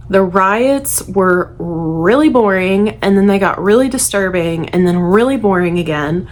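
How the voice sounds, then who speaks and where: A woman giving a frank, exasperated book review straight to camera, sighing now and then. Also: mid-range voice. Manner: frank, exasperated, sighs and laughs.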